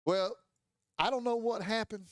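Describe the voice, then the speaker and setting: A man's voice: sits high, unhurried, dry recording, clean studio sound. A man telling a casual, profane motorcycle story and acting out the voices and sounds of his friends. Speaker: podcast storyteller. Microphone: studio mic.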